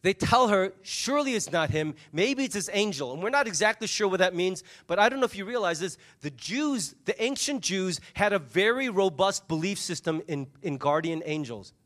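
A high-pitched man delivers a sermon with animated storytelling energy. He retells a scene, dropping into the voices of its people. His delivery shifts between quick asides to the congregation and slowed, emphatic moments. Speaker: pastor.

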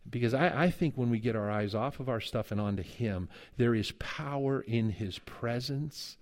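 A man's voice: mid-range voice, a little mellow. A middle-aged male pastor giving a conversational sermon, telling stories and acting out the dialogue in them. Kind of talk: sermon with storytelling.

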